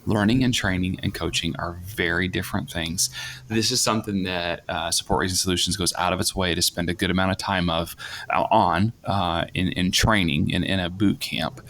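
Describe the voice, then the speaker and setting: A man's voice: deep voice, fairly even intonation, normal speed, a bit bright, a little hiss or hum. A middle-aged man from the northern United States hosting a conversational podcast, telling stories in a chatty way with frequent restarts. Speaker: podcast host. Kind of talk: casual conversational interview.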